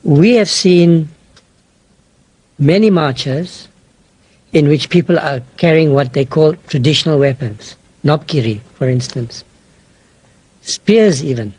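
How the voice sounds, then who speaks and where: A man from South Africa, an official, giving a slow, measured statement with some fillers. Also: fairly high pitch, a little mellow, slightly rough.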